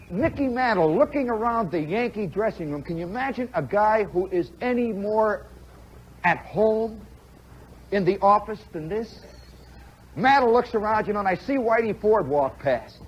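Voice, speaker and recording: A man from the Chicago area telling a story live on the radio, animated and conversational, with frequent "see?" and "you know" asides, from a muffled 1960s broadcast recording. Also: high voice, normal speed, slightly rough.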